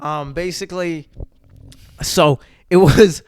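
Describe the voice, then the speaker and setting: A teenage comedian co-hosting a podcast, bantering casually with quick jokes and frequent laughs. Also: male voice, on the high side, darkish tone, smooth, no echo. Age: teens. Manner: quick joking interjections, laughs often. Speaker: podcast co-host, stand-up comedian.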